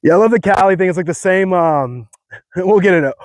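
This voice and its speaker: A man from California talking in a casual monologue, animated and rambling, mocking himself, full of fillers. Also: high voice, fairly quick, no echo, studio quality. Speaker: vlogger.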